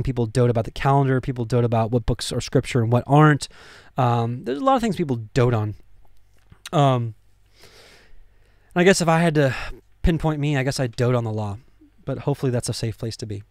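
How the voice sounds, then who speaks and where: A man's voice: mid-range voice, dry recording, studio quality. Chatty man leading a Bible study. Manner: conversational, full of fillers and restarts, grows excited. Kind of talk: casual Bible study talk.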